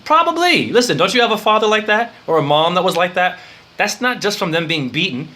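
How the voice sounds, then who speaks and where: Male spiritual teacher, rambling and profane, bright sharp voice pitched a bit high. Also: very animated, a little fast. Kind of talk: improvised esoteric lecture.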